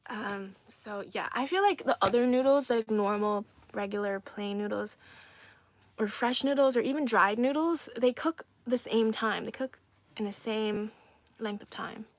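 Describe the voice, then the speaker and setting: Young woman from China, casual livestream host; playful and chatty, a fairly high voice. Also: unhurried. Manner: chatty and playful, laughs often, repeats herself. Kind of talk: casual livestream chat reading comments.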